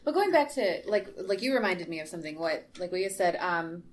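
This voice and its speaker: A woman hosting a casual movie discussion podcast, enthusiastic and quick to laugh. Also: on the low side, sing-song, slight background noise. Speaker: podcast host.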